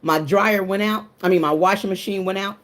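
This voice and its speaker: A woman with a mid-range, slightly quick voice hosts a casual livestream. She chats with viewers, greets them by name, and comes across emotional and confiding, laughing often.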